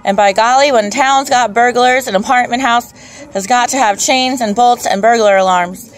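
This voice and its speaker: A woman's voice: a little high, moderate pace, voice pushed up, natural voice. A brusque, short-tempered older landlady who grumbles and exclaims, as a woman puts her on for an audiobook. She is always busy and impatient with interruptions. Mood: gruff. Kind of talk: audiobook reading.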